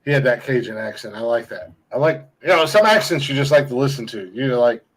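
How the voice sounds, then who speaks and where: Male podcast host from Ohio, casual and crude, rambling with frequent laughs, mid-pitched voice. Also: lively intonation, fast, rough recording. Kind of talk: casual chat.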